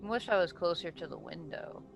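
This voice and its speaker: Casting: woman as a mellow talking houseplant, relaxed and unbothered, music underneath. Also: fairly low pitch, brisk, vocal fry, lo-fi sound, heavily acted. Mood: easygoing. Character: laid-back talking potted plant.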